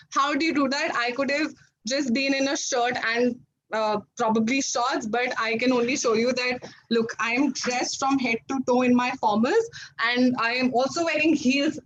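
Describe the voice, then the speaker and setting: Lady voice trainer, peppy coaching tone, kinda high voice, muffled video call audio. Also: a little hiss or hum. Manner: energetic, coaching, encouraging. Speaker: voice and accent trainer. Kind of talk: online workshop lecture. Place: home, at her desk.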